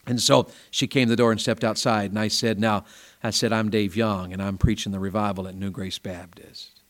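A man preaching a revival sermon in a small church, folksy and storytelling, rising to loud emphatic peaks. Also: fairly low pitch, flat delivery, a little fast.

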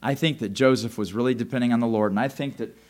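A man preaching a sermon as a pastor, telling a story in an animated, conversational way. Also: mid-range voice, fast talker. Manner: animated, conversational, often restarts.

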